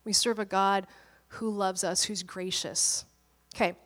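A woman's voice: mid-range voice, steady tone, unhurried, a bit bright, long reverb tail. A woman pastor preaching in a conversational, storytelling way, often laughing as she talks. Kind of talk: conversational sermon.

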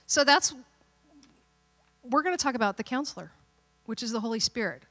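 Woman pastor, sermon, fairly high voice, playful, animated, acts out quotes. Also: a little fast.

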